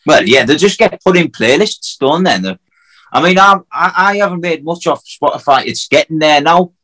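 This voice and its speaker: A man's voice: a little high, expressive, fairly bright tone, rough recording. Swearing Hartlepool man. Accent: Hartlepool, North East England. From Hartlepool, England. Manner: swearing, fast, lots of fillers. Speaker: acoustic singer-songwriter guest. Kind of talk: casual chat.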